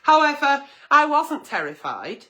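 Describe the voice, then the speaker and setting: A woman's voice: high voice, very animated, a little slow, pushed and bright. A woman hosting a late-night agony-aunt stream, answering viewer letters bluntly and frankly, swearing freely. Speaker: host reading viewer letters.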